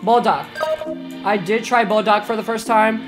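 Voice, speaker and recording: A woman's voice: medium pitch, fairly even intonation, normal speed. A young woman live-streaming a game, chatting with her chat, a little tipsy, swearing and shrieking when startled. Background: game music.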